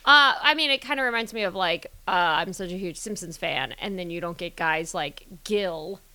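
A woman's voice: lowish voice, moderate pace, pushed and bright, clear, resonant tone. A woman co-hosting a podcast in casual chat, giggly and rambling. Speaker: podcast co-host.

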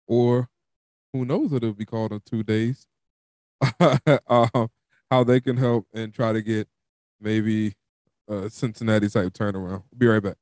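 A man's voice: flat delivery, a little slow, darkish tone, no room sound, studio quality. A man hosting a casual sports podcast, chatty and loose, laughing and filling with "um" and "like". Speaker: podcast host. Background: dog squeaking a toy.

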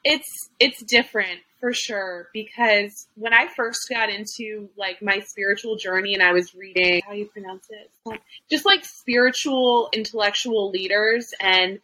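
A young woman hosting a podcast in easy, rambling conversation. Her voice is bright and forward, full of fillers and quick restarts. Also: mid-range voice, poor audio. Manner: chatty, lots of fillers and restarts. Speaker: podcast host. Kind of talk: casual chat.

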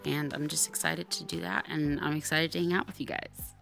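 Chatty, playful low-voiced woman podcaster. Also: brisk, creaky, soft background music. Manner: chatty, playful, with loud excited bursts. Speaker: podcast host. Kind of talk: casual solo podcast talk.

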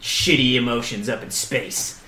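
A man's voice: mid-range voice, fairly even intonation, measured pace, bright, forceful tone. A man playing a tough-talking mechanic in an improvised comedy scene, handing out blunt, folksy advice. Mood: gruff. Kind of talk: improv comedy role-play. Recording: echoey room.

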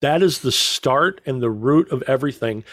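A middle-aged man telling stories in casual chat as a podcast co-host, rambling and joking with a deadpan delivery. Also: mid-range voice, moderate pace, no room sound, clean studio sound.

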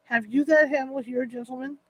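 A woman's voice: high voice, steady tone, fairly quick, dry recording. Trial reading: woman voicing a barking male lawyer, firm questions, dry close sound. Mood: pressing. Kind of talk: reading courtroom testimony aloud.

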